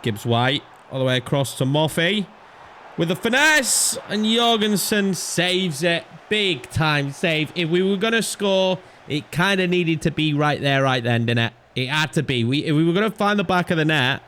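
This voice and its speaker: A man's voice: on the high side, moderate pace, slight background noise. Chatty young man commentating a game. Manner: chatty, swings from calm to frantic pleading. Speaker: gaming YouTuber. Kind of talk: live gameplay commentary.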